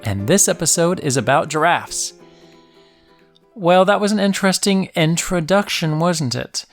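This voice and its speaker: A man's voice: fairly high pitch, lively intonation, unhurried, faint music behind. A man hosting a children's nature and science podcast, explaining facts in a playful, jokey way and asking the listener questions. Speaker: host of a kids' science podcast. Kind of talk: educational narration for children.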